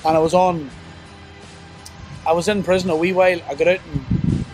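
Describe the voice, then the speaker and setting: Remorseful man, halting speech. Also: fairly even intonation, darkish tone, faint music behind. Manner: halting, full of "you know" and restarts; remorseful, low and subdued. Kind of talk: personal confession interview.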